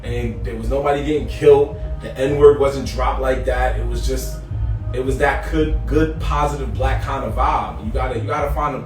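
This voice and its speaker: A man co-hosting a podcast in casual chat, animated and acting out quotes with sudden jumps in voice. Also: medium pitch, moderate pace. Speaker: podcast co-host. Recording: roomy, distant mic with music behind.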